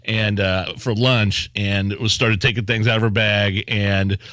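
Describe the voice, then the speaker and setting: A man's voice: lowish voice, steady tone, fairly bright tone, no echo. A male talk radio co-host chatting wryly, stumbling over fillers. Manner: wry, halting, many fillers. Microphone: studio microphone.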